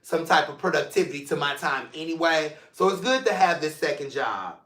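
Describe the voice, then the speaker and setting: A man hosts his own vlog in a loose, playful, affectionate way, speaking straight to his viewers. His voice sits a bit high and sounds vivid and bright. The room around him is noticeably echoey. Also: expressive, brisk. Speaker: mental health show host. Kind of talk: casual solo vlog talk. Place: seated in a room at home.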